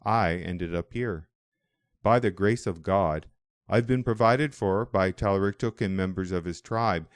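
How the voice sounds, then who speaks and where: Guy doing a calm old hermit monk in a storybook, deep booming voice, kind and welcoming. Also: unhurried, dry recording, clean studio sound. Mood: earnest. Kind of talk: audiobook dialogue.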